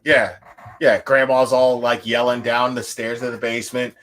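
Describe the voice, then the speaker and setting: A man rambles loosely on his livestream, a little tipsy from drinking. His talk is full of restarts, swearing and laughter, and his pitch sits in the middle of the range. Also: level tone, moderate pace, a bit bright. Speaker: livestream host. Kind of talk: casual livestream chat.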